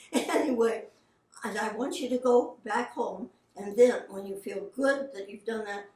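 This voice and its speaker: A woman's voice: mid-range voice, darkish tone. An older woman, a voice actress, telling anecdotes in a chatty, casual way and quoting the people in her stories. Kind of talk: casual storytelling. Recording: roomy, from a distance.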